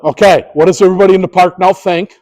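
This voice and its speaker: A man with a high speaking voice trains sports officials through a lively, acted-out story. He jumps into the scenes as he tells them. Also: quick pace, low-quality recording. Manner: animated, acts out scenes. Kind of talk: storytelling presentation.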